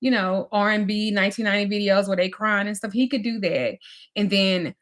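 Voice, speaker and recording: A woman's voice: medium pitch, fairly quick. Candid, emphatic woman storyteller. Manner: candid, emphatic, swings from animated to drained. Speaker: spiritual teacher and life coach. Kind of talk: personal storytelling in a teaching talk.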